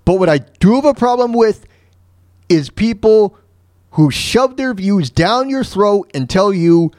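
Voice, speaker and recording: A man's voice: high-pitched, expressive, measured pace, darkish tone, no echo, clean studio sound. A man hosting his own talk show, delivering an opinionated rant and often stumbling and restarting mid-sentence. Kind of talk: opinionated monologue.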